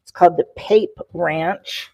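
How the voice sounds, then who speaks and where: A woman's voice: fairly low pitch, slow, creaky, a little mellow, low-quality recording. A woman hosting a casual cooking livestream from her home kitchen, chatty and rambling, full of fillers and talking to her chat. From Rocky Mountains, USA. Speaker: livestream host.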